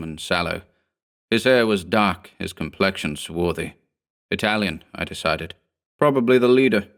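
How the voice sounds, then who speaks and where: Low, grave male horror narrator. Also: a bit bright, clean tone. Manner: measured, grave storytelling. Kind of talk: scripted horror audiobook narration.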